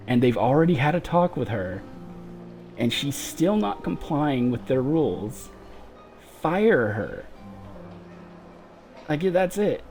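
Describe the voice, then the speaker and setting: A man's voice: medium pitch, darkish tone. A man livestreaming a game, telling a long profane story in a frustrated casual rant and laughing through it. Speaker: gaming livestreamer.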